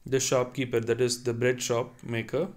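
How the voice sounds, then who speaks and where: A man's voice: mid-range voice, level tone, a little mellow. A man teaching a French lesson, reading sentences and then translating and repeating them patiently. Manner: slow and deliberate, repeats and explains each line. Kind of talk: online language lesson.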